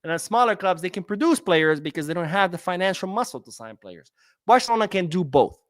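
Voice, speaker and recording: A man's voice: sits high, animated, brisk, dry recording, clean studio sound. A man hosting a casual livestream podcast, reading out chat comments and answering them in a rambling way, repeating his words.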